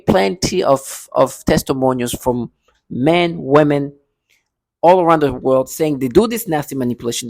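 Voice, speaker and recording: A man with a high-ish voice and vocal fry delivers an agitated, repetitive monologue to camera in his apartment, breaking into bitter laughter. The vlogger's recording has no echo.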